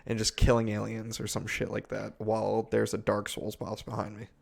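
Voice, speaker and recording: A man co-hosting a casual gaming podcast, telling animated stories and laughing often. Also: on the low side, moderate pace, creaky. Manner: animated storyteller, laughs often, shouts meme quotes. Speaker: podcast co-host.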